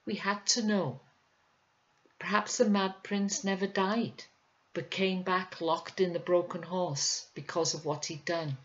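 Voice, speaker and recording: A woman's voice: fairly low pitch, fairly even intonation, unhurried, dull audio, voice pushed up, lightly acted. Earnest young girl, as a woman reads her. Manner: earnest, insistent. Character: sickly, determined young village girl.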